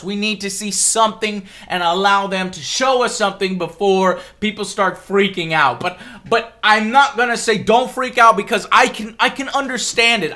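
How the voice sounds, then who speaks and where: Male vlogger, fed-up ranter, high register, crisp bright tone, lots of profanity. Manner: exasperated, heavy swearing, repeats himself. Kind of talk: angry rant to camera.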